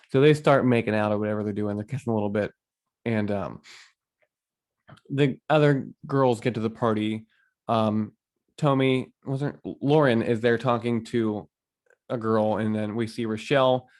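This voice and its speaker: A man in casual podcast chat, walking through a film plot at an easy, middle-pitched register. He rambles and restarts with plenty of fillers as he retells the story. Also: moderate pace, a little mellow. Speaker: podcast co-host. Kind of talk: casual movie recap chat.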